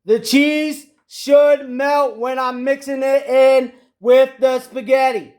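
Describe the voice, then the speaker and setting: A man's voice: extremely high pitch, fairly even intonation, takes it slowly, a little mellow. A man hosting a casual cooking vlog, chatting straight to his viewers as he eats. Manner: chatty, addresses viewers directly. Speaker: cooking channel host.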